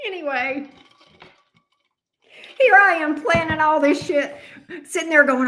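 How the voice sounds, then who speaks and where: A woman's voice: sits high, a little slow, long pauses, sharp tone. A woman, a tarot reader chatting casually and profanely on a live stream from her home office. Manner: profane, chatty, self-mocking.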